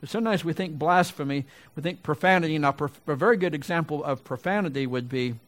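A male pastor delivering a sermon, swinging between loud emphatic peaks and quiet low asides, with conversational restarts and remarks to the congregation. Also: quick pace.

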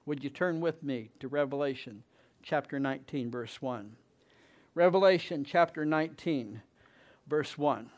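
A man preaching a sermon, reading scripture with slow, emphatic delivery and rising exclamations. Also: medium pitch, a little mellow. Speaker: pastor.

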